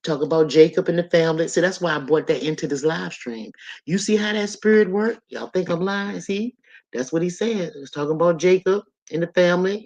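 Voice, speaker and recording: A woman's voice: lowish voice, darkish tone, highs cut off. A woman in her sixties hosting a casual live stream, chatting loosely with viewers and reading their comments out as she goes. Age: 60s.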